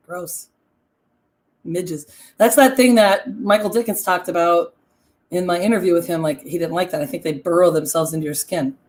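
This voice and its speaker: A woman's voice: lowish voice, a little slow, long pauses, darkish tone. Chatty woman reading a story aloud. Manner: chatty and self-deprecating, with asides to viewers; reads aloud with frequent off-script comments. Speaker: host. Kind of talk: casual livestream chat and story reading.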